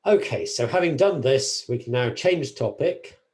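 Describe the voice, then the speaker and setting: A man giving a university mathematics lecture, explaining carefully, pausing on fillers and correcting himself. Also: medium pitch, lively intonation, darkish tone.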